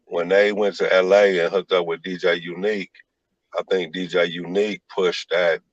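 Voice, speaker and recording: A man telling stories in a relaxed interview, with lots of "like" fillers. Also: deep voice, moderate pace, no echo, lo-fi sound. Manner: laid-back storytelling with many "like" fillers. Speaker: rapper and producer guest. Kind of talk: casual interview talk.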